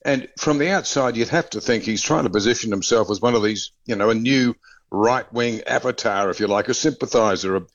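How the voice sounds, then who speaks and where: A male correspondent filing a brisk, opinionated report for talk radio. His voice is mid-pitched and comes through a slightly dull, lo-fi line. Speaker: Australia correspondent.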